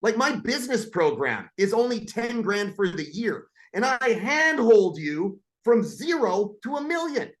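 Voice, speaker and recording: A man's voice: high voice, very animated, a little slow, hardly any pauses, fairly bright tone. A man coaching others, talking in a brash, swearing, salesman manner in casual podcast chat.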